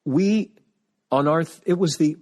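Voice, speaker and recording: Man telling lively stories as a podcast guest. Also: on the high side, a little slow. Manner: animated storyteller, full of family anecdotes; restarts sentences while searching for words. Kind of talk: casual interview chat.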